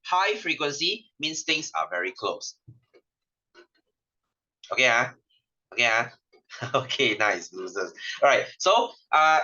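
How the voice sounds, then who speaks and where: A man's voice: medium pitch, big pitch swings, slow, pauses often, sharp tone, breathy edge. A young man with a Malaysian English accent teaching an online science class, playful and teasing, laughing often. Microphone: webcam microphone. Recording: dull lo-fi webcam audio.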